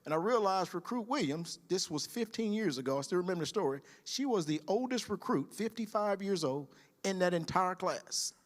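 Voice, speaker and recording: Middle-aged man, sheriff's testimony, somewhat high voice, long sanctuary reverb. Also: lively intonation, normal speed. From Mississippi. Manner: storytelling, dramatic shouted quotes. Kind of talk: church testimony talk. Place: church sanctuary.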